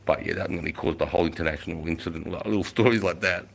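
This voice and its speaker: A low-voiced Australian man in his forties hosts a casual live stream. He swaps army stories and reads out chat comments, swearing freely in an easygoing way. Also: racing, vocal fry, husky. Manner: swears a lot, laid-back, reads chat aloud. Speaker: livestream host, ex-soldier.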